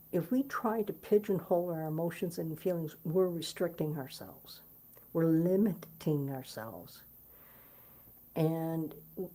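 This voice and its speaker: A woman talks straight to her viewers in a low, relaxed voice. She rambles earnestly, circling back with fillers and restarted phrases. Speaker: musician promoting her concert. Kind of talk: casual talk to camera.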